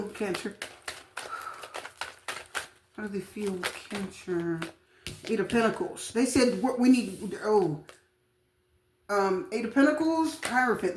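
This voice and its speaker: A woman giving a casual tarot reading, chatty and repetitive, often pausing with fillers. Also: mid-range voice. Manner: chatty, repeats phrases, frequent fillers. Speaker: tarot reader. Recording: echoey room with faint noise.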